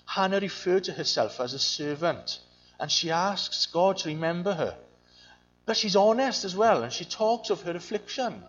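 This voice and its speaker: A man's voice: high-pitched, animated, moderate pace, a bit bright, lo-fi sound. A man preaching a sermon, earnest and searching, often repeating his phrases. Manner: earnest, repeats phrases, mimics voices in quotes.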